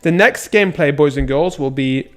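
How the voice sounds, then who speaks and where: A man streaming a game live, chatting casually with viewers, excitable and swearing often. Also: a little high, normal speed.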